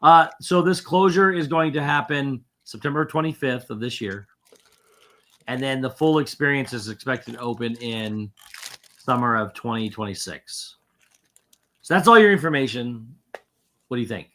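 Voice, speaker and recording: A man's voice: medium pitch, moderate pace, sharp tone. A man co-hosting a podcast in casual chat, rambling with lots of fillers and restarts. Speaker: podcast co-host.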